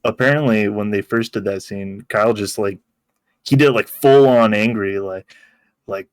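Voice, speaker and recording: A man's voice: fairly low pitch, fairly even intonation, normal speed, dry recording. A man co-hosting a podcast in casual chat, laughing often as he talks and acting out quotes. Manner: laughs while talking, acts out quotes. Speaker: podcast co-host.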